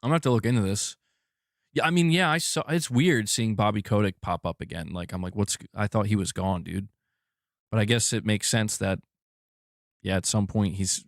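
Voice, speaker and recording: A man's voice: fairly low pitch, a little fast, gravelly, dry recording, studio quality. Rambling, laughing male streamer. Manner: rambling, self-correcting, laughs often. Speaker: streamer host. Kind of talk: casual livestream chat.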